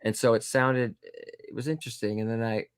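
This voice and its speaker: A middle-aged author, interviewed in a clean, dry studio, speaks smoothly at medium pitch and moderate pace. He tells animated, casual anecdotes full of ums, acting out the quotes in voice.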